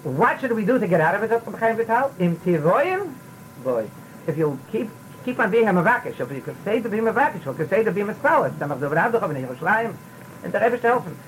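A man's voice: high voice, sing-song, fast talker, slight background noise, low-quality recording. A man giving a sermon as a rabbi, repeating words and mixing in Yiddish phrases. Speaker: rabbi giving a Torah talk.

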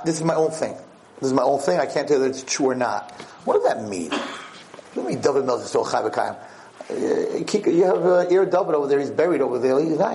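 A man teaching students an informal Torah class, mixing English with Hebrew and Yiddish terms, and climbing high in pitch when he voices God's words. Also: darkish tone, a little hiss or hum, rough recording. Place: room with students.

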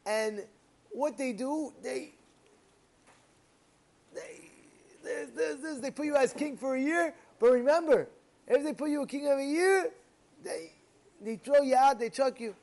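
A man casually telling a parable as a moral lesson, animated and rambling, with repeated fillers. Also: very high-pitched. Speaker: storyteller giving a moral lesson.

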